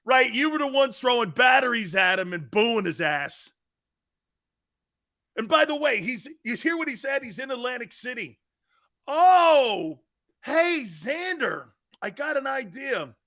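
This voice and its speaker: Loud, joking male sports talk host. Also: very high-pitched, big pitch swings, a little slow. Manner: loud, joking, jumps between topics, often raises his voice. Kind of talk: live sports talk stream, reading chat.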